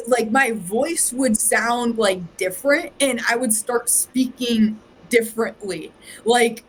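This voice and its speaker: On a rough recording with a bit of hiss or hum, an Ohio woman, a psychic medium guesting on a podcast, speaks in a slightly high voice. She rambles casually through her story, leaning heavily on "like."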